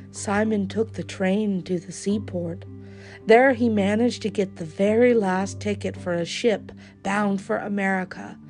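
A woman reading a children's storybook aloud in a slow, expressive way. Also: medium pitch, creaky.

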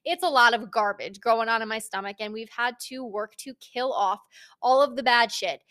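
A woman's voice: a little high, normal speed, a bit bright. A young adult woman hosting her own podcast, talking casually and energetically, with easy swearing and a friendly, upbeat delivery. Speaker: podcast host. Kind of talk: casual solo podcast talk.

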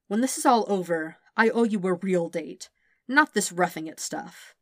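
A woman's voice: fairly low pitch, animated, normal speed, a bit bright, no room sound, clean studio sound. A woman voicing a sarcastic, protective teenage boy warrior who sounds emotional and sometimes grumbling. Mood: wry.

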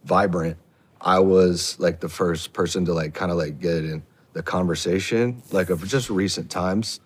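A man's voice: low voice, moderate pace, slightly rough. A man interviewed in a played clip, answering in a laid-back, vague way. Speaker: interview guest.

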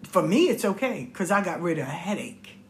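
A woman's voice: on the low side, big pitch swings, a little fast, slight background noise. A middle-aged woman telling a personal story in a casual monologue, blunt and profane, acting out the voices of the people she quotes.

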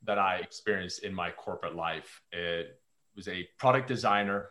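A man's voice: low-pitched, moderate pace, pushed and bright. A man sharing workplace anecdotes on a podcast, often repeating words as he starts sentences. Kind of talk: casual podcast chat.

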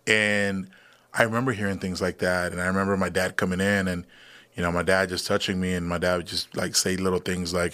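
A man's voice: low-pitched, flat delivery, a little fast, a bit bright. A young man, a guest in a casual interview, telling a long personal story with many fillers and restarts.

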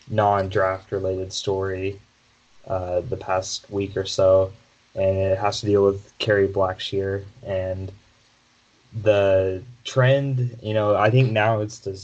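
A man with a fairly low voice talks through a sports update on a podcast. He speaks casually, with plenty of fillers and false starts as he thinks aloud. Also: a little mellow, rough recording. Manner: conversational, frequent fillers and restarts. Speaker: podcast co-host.

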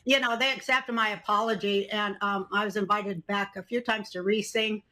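Older female comedian guest, wry rambling answers, bright voice. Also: medium pitch, steady tone, moderate pace, a little hiss or hum. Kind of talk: interview answers.

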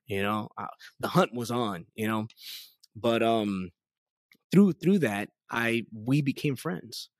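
A man in his thirties, speaking at a measured pace in a lowish voice, tells his life story as a guest in a casual interview. He's chatty, full of fillers, and acts out quotes with lively dialogue. The studio-quality recording has no echo.

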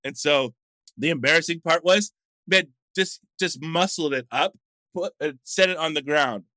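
A middle-aged man from the United States tells casual, rambling stories as an interview guest. His voice is bright and forward. The sound is dry, with no room echo. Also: a little high, normal speed. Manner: chatty, rambling anecdotes with frequent fillers. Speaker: coffee shop founder, guest.

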